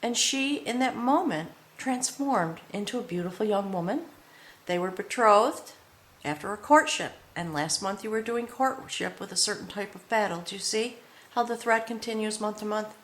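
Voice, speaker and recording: A woman reads tarot for her viewers in a mid-pitched voice, earnest and devotional, often pausing to ask whether they follow her. The recording has a noticeable roomy echo. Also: animated. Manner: earnest, addresses the viewer with frequent "okay?". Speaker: tarot reader. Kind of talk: spiritual tarot reading to camera.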